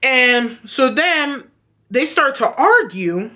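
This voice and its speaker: A woman vlogger casually recapping a TV episode, telling it in an excitable, profane way. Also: high voice, takes it slowly.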